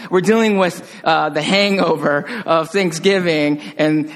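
A man preaching a conversational sermon as pastor, joking with the congregation and dropping to a hush on solemn phrases. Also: fairly high pitch. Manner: conversational, jokey, with restarts and sudden quiet hushed drops.

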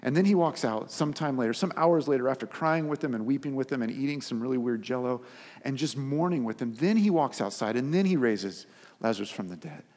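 A man preaching a sermon as pastor, earnest, stacking repeated phrases for emphasis and dropping soft for quoted words. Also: medium pitch, expressive, fairly quick. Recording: long reverb of a hall.

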